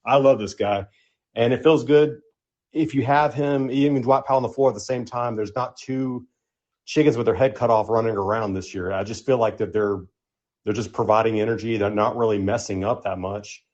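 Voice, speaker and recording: A man's voice: mid-range voice, fairly even intonation, normal speed, darkish tone. A man calling in to a live podcast room, talking about his team in a loose, rambling way. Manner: loose, rambling fan talk. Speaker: caller. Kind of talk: casual call-in chat. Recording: dull lo-fi call audio.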